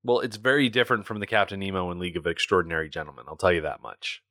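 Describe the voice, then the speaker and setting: A man's voice: sits low, rapid-fire, bright, forceful tone, no room sound, studio quality. A man co-hosting a podcast, chatting casually and conversationally about a movie. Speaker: podcast co-host. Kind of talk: casual movie discussion chat.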